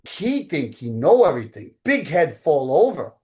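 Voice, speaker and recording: A man's voice: a little high, big pitch swings, moderate pace, a little mellow. A man voicing an older Korean martial arts grandmaster with a Korean accent, lecturing bluntly in broken English. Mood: stern.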